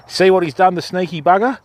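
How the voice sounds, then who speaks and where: Easygoing Australian man with a lively voice. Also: on the high side. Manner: easygoing, chatty, laid-back Aussie banter. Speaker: fishing livestream host. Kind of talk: casual live chat with viewers. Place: outdoors at a riverside campsite.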